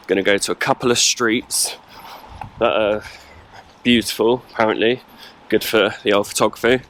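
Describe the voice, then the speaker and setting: Casting: low-voiced man, rambling casual travel vlogger, handheld camera outdoors, faint street noise. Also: steady tone, moderate pace, a bit bright. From England. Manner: rambling, chatty, lots of fillers. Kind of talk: casual vlog chat. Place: outdoors in a cold old town.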